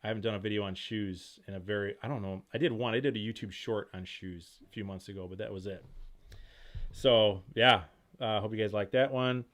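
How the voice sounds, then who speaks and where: A man hosting a casual live-stream Q&A from home, talking fast and jumping between thoughts as he reads viewer comments aloud and reacts to them. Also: lowish voice, a bit bright. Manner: rapid, rambling, jumps between thoughts. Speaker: host of outdoor gear channel.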